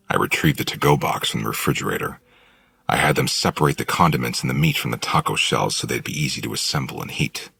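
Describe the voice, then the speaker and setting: A man narrating a novel in the first person, in an even, measured storytelling voice. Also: very deep voice, creaky, slightly rough, dry recording. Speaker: audiobook narrator.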